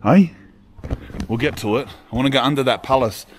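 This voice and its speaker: A man's voice: medium pitch, a little fast, slight background noise. An Australian man vlogging casually as he walks around town and into shops, joking and swearing freely. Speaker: travel vlogger. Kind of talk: casual travel vlog.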